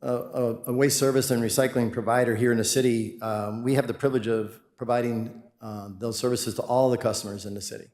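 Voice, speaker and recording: A man's voice: mid-range voice, darkish tone. A man giving a friendly, rambling presentation to residents at a city meeting, with many fillers and restarts. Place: city council chamber. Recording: echoey meeting room.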